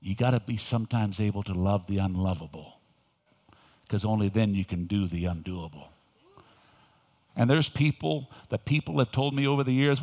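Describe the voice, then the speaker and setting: An older man, a pastor, preaching a sermon with folksy storytelling that swings into loud emphasis. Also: fairly low pitch. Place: church sanctuary. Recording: reverberant hall.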